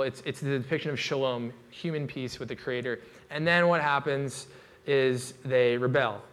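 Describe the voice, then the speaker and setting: A man's voice: medium pitch, a bit bright. A man preaching a sermon in a loose, casual way, with many fillers and restarts.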